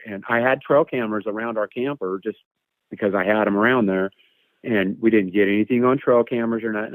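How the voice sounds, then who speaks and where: A man telling a camping encounter story in a casual, animated way, sometimes imitating animal calls, heard over a phone line. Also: lowish voice, no room sound. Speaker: caller sharing an encounter story.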